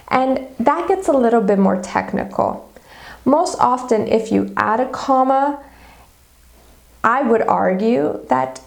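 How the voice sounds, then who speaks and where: Slow, gravelly-voiced woman teaching grammar. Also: mid-range voice, dark tone. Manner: methodical, explains step by step with examples. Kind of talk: grammar lesson video.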